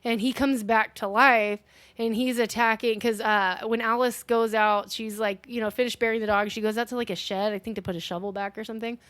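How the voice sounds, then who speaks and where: A woman's voice: fairly high pitch, fairly even intonation, brisk, fairly bright tone, dry recording. A woman co-hosting a casual movie review, rambling through a plot recap with lots of swearing and fillers. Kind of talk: casual chat recapping a film.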